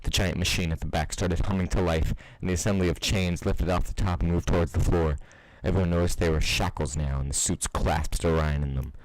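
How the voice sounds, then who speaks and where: A man with a very low, deep voice reads a fan-fiction story aloud at a steady pace, stumbling over a word now and then. The recording is close and completely dry, with no room sound. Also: brisk, hardly any pauses, dry recording. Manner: steady read-aloud with small slips. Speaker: reader.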